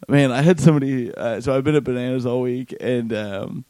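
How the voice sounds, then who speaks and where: Man, comedian, casual chat, laughs a lot, mellow voice, dry sound. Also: mid-range voice, a little fast, dry recording. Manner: laid-back, laughs often, swears. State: tired. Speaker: stand-up comedian, podcast host.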